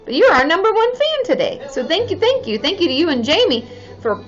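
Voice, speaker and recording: A woman's voice: very high voice, sing-song, a little fast. A woman in her thirties, a therapist hosting a casual live stream, chatting with viewers in a bubbly way and cheering often. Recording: slightly dull sound with faint music behind.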